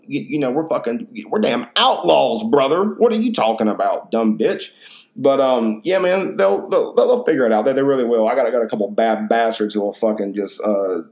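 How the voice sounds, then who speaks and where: A man's voice: medium pitch, darkish tone. Guy in his 30s doing a solo podcast, rambly, cussing a lot, slangy, regular mid voice. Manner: rambling, profane, slangy storytelling. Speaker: podcast host. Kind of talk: casual solo podcast monologue.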